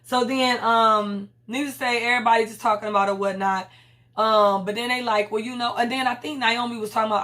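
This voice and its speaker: A woman's voice: a little high, steady tone, fast talker, sharp tone. A woman casually recapping a TV episode, acting out the characters' lines with sass, slangy asides and lots of fillers. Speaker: TV recap vlogger.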